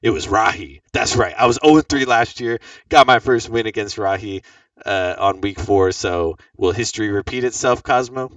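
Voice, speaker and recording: Deep-voiced young man hosting casually. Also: moderate pace, fairly bright tone, dry recording, recorded from a distance, rough recording. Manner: rambling, lots of fillers. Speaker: podcast host. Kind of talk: casual chat about fantasy football.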